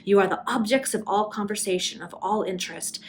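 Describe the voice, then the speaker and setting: A woman reading a furious, hoarse wronged young woman. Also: medium pitch, fairly quick, slight background noise, natural voice, low-quality recording. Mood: scornful. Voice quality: hoarse with rage. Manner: accusing, scornful, imperious. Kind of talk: amateur reading of a Victorian novel.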